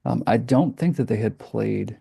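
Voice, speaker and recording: Gravelly dark-voiced Alabama man. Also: medium pitch, normal speed, no room sound. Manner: animated storyteller, acts out quotes. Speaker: guest. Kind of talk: casual storytelling.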